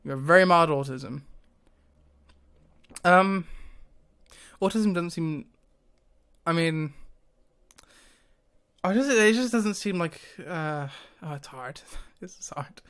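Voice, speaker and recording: A man's voice: a little high, expressive, takes it slowly, long pauses, a bit bright, clean tone. A man talking casually to the camera, thinking aloud with hesitations and frequent laughs. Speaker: YouTuber.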